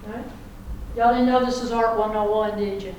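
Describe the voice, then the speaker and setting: A woman's voice: medium pitch, fairly even intonation, fairly quick, darkish tone, slight background noise. A woman teacher giving a classroom lecture, folksy and chatty, checking in with the class. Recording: echoey classroom from far off.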